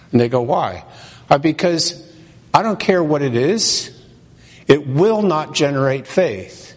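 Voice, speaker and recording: A man preaching a sermon as pastor, slow and emphatic, asking and answering his own questions. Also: medium pitch, animated. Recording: long reverb of a large hall.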